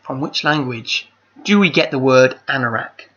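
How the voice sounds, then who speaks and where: A man's voice: medium pitch, lively intonation, moderate pace, fairly bright tone. A man hosting a charity quiz over a video call, chatty and rambling, reading out each question twice. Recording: dull lo-fi call audio.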